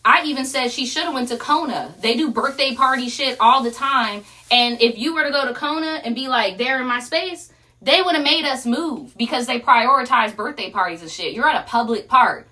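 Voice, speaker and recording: Bright-voiced young woman telling a story. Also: a little high, fairly quick, few pauses. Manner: animated, profane slang-heavy storytelling. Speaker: streamer. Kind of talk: casual storytime chat.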